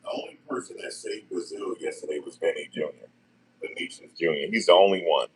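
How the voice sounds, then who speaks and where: A man, talking casually and deadpan to his viewers, musing and repeating himself in slangy speech. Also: deep voice, fairly quick, a little hiss or hum. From New Jersey, USA. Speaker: vlogger. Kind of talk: casual rambling monologue.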